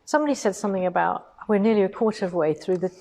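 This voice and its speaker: Woman, chatty, enthusiastic, middle pitch, livestream co-host. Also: expressive, rapid-fire, vocal fry, darkish tone, slight background noise. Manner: chatty, enthusiastic, rhetorical asides. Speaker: co-host of a quilting shop livestream. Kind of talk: casual livestream chat and product demo.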